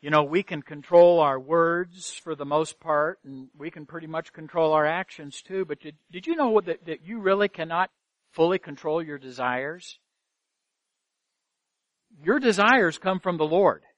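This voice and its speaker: A man's voice: on the high side, measured pace, a bit bright, no room sound, muffled recording. A man preaching a sermon as pastor, earnest, asking rhetorical questions and repeating phrases for emphasis. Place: church sanctuary.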